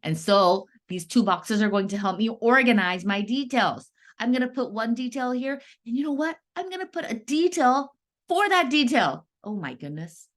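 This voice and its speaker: Lady teacher walking first graders through writing, slow drawn-out words, bouncy sing-song voice. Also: a little high, lively intonation. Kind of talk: classroom writing lesson.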